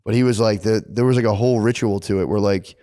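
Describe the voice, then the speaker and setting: A man on a podcast rattles through a long story at a rapid clip, peppering it with "like" and swearing freely. His voice sits a little low, and the sound is close and dry with no room echo. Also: fairly even intonation, warm tone. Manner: rambling storyteller, heavy filler "like", profane. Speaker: podcast co-host. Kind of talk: casual chat.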